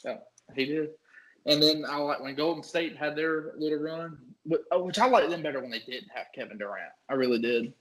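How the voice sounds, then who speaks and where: A young man co-hosting a casual sports podcast, excitable and quick to laugh, swearing casually as he talks. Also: a little high, rough recording. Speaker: podcast co-host.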